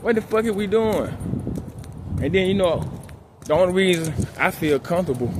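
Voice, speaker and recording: A man vlogging while he walks outdoors at night, talking in a calm, laid-back, slangy way. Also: sits high, normal speed, long pauses. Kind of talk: casual motivational talk while walking. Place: outdoors at night, walking laps. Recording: outdoor street noise. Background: traffic and outdoor ambience.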